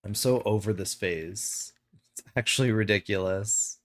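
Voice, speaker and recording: A man's voice: lowish voice, unhurried. A man streaming a game live, chatting casually with a playful, self-mocking manner.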